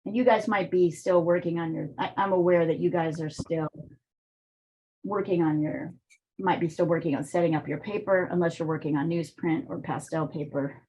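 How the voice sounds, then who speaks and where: A woman's voice: lowish voice, steady tone, moderate pace, darkish tone, husky. A woman art teacher with a weak, strained voice, chatting and thinking aloud while she demonstrates drawing in a live online class, with plenty of fillers.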